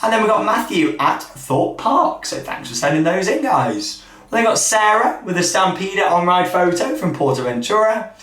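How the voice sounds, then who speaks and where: A man hosts a casual theme park news roundup in an upbeat, chatty way, tossing in quick asides. His voice sits a bit high. He sounds a little away from the mic, in a roomy, echoey hotel room. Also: sing-song, a bit bright, distant mic.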